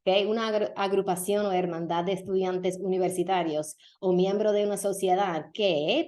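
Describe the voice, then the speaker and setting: A woman with a mellow, lowish voice teaches a Spanish lesson on a podcast. She explains patiently, often checks in with "okay?", and moves between English and Spanish.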